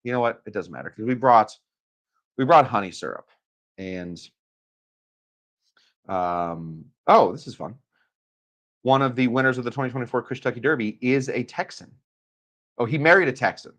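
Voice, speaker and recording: A man's voice: medium pitch, animated, moderate pace, long pauses, a bit bright. A man from Arizona hosting a casual live cocktail demo from a hotel room, talking in a rambling, chatty way with many fillers. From Arizona, USA. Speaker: cocktail channel host.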